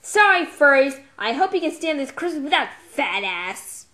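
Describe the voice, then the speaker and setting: A woman's voice: high voice, sing-song, normal speed, sharp tone, full character voice. A woman playing a sassy bossy girlfriend. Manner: mocking, bossy teasing.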